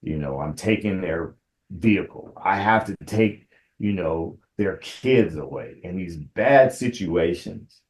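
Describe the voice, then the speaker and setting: A middle-aged man with a low voice talks in a casual interview. He is a police sergeant from Compton and speaks in a relaxed, reflective way. When he tells a story he turns lively and laughs easily. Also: slow, reverberant. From Compton, California.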